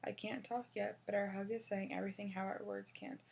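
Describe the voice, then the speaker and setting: A woman's voice: mid-range voice, level tone, brisk, creaky, a little mellow, husky. A woman reading a children's novel aloud in the first person, with small slips and restarts. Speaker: reader.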